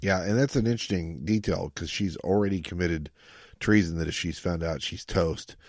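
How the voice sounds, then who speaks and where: A man's voice: sits low, normal speed, no echo, clean studio sound. A man co-hosting a podcast, talking through a novel in a loose, rambling way with many fillers. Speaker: podcast co-host. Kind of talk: casual book discussion.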